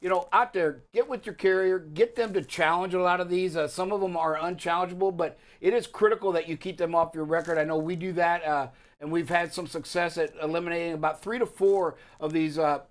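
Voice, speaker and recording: A man hosting a live talk show segment on trucking safety, talking loosely with lots of uh and um. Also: a little high. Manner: loose, rambling, many fillers.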